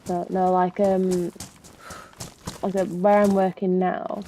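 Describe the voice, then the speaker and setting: A woman's voice: lowish voice, flat delivery, slow pace, dark tone, a little hiss or hum, rough recording. A woman chatting casually, venting with lots of fillers. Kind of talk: casual chat.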